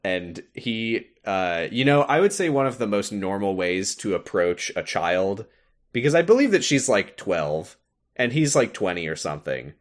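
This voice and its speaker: A man with a low voice recaps a video game on a casual podcast. His pitch moves a great deal as he talks. He throws in quick asides and laughs easily. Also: very animated. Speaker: podcast co-host.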